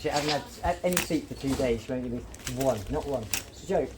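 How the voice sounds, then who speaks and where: A man, mid-pitched, arguing and pleading with a lot of swearing. He talks over others in a heated, real-life exchange. The recording is noisy and full of hiss. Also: fast, few pauses. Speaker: patient. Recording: noisy handheld audio log.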